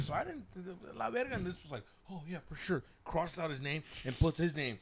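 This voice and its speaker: A young man co-hosts a casual podcast, his voice sitting a bit high and swinging lively up and down. He tells profane, rambling stories at a quick clip and slips into Spanish slang. He acts out the other people in his stories. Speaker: podcast co-host. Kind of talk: casual chat.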